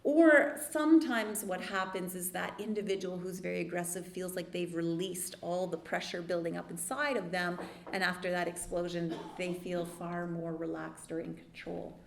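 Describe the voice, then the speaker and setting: A woman therapist giving a workshop talk, explaining calmly with lively asides. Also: lowish voice, normal speed, gravelly, hardly any pauses, echoey room, a little hiss or hum. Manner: calm explanatory teaching with lively dramatic asides. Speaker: therapist leading a church workshop.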